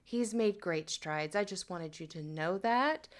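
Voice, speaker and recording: A woman's voice: fairly low pitch, unhurried, lightly acted. A woman putting on a syrupy scheming neighbor lady. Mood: sugary. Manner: syrupy, overly sweet, hesitant. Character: sugary scheming woman who bribes with brownies. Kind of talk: improvised character play in a tabletop game.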